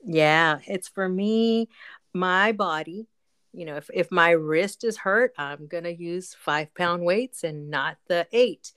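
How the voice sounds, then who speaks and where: A woman's voice: on the low side, takes it slowly, fairly bright tone, clean tone. A woman hosting a casual podcast chat, encouraging and chatty, with many fillers. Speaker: podcast host.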